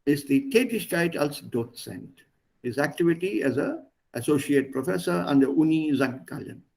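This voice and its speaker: A man's voice: fairly high pitch, animated, normal speed, creaky, a little mellow, husky. A man teaching a language, reading a text line by line and then translating and explaining it.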